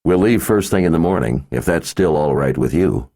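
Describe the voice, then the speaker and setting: Guy reading as a big tough dad, blunt drawl, deep but lively. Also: normal speed, full character voice. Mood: stern. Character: big tough man, blunt protective father. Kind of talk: audiobook character voice.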